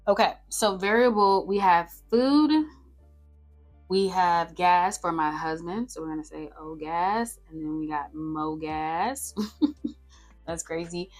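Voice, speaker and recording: Casual budgeting vlogger, young woman, fairly low voice, chats straight to camera and counts numbers aloud. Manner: chatty, talks straight to her viewers, counts aloud. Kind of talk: casual talk-through while writing a budget. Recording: faint music behind.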